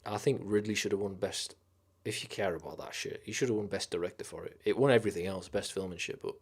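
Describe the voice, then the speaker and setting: Man, lowish voice, casual live-stream chat, swearing, rambling, excited about films. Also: fast talker, breathy edge.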